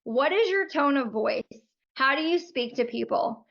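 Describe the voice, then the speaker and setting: A woman's voice: sits high, animated, moderate pace, gravelly, a bit bright, dull audio. A woman coaching photographers on a live video call, talking in a friendly, frank and chatty way.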